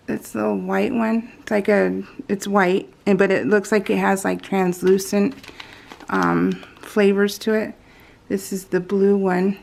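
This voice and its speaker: Woman craft vlogger, casual and gushing, slips into whispers; gravelly texture. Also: mid-range voice, slight background noise. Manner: gushing and excitable, often dropping to a soft whisper. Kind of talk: casual unboxing chat.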